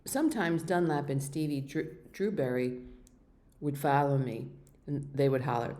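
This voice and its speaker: A woman reads a children's novel aloud with steady, expressive storytelling. Her voice sits low and sounds mellow and warm. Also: moderate pace. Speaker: reader.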